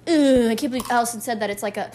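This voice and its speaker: A young woman co-hosting a podcast, talking in an animated, playfully bossy way. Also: fairly high pitch, very fast, a little hiss or hum. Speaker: podcast co-host. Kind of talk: casual chat.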